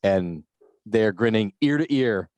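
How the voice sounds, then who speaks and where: Low-voiced man hosting a podcast. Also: lively intonation, measured pace, a little mellow, dry recording, dull audio. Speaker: podcast host. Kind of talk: casual podcast chat.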